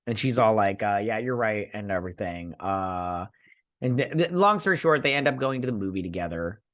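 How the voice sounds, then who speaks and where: A man's voice: on the low side, expressive, brisk, fairly bright tone. A man hosting a casual recap and review of a TV episode, rambling with lots of fillers and acting out the characters' lines.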